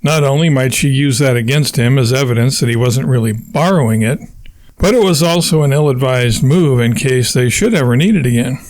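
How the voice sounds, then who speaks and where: A man's voice: mid-range voice, brisk, darkish tone, no room sound. A man reading a comic novel aloud as the narrator, with wry timing. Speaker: audiobook narrator. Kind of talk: scripted narration.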